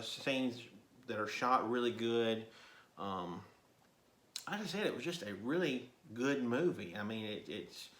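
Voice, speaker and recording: A man's voice: mid-range voice, a bit bright. A man giving a casual, rambling movie review, chatty and informal with plenty of asides. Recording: roomy echo.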